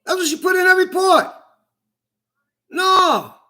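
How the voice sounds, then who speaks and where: A man's voice: very high-pitched, expressive, takes it slowly, pushed and bright. A man delivering a heated, indignant vlog monologue, repeating himself and swearing often. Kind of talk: angry personal vlog monologue.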